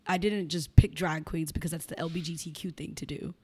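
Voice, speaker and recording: A young woman with a fairly low voice talks to an interviewer in a blunt, candid way. She is frank and laughs often as she speaks. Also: steady tone, brisk, a little mellow, slightly rough. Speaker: podcast guest, entrepreneur.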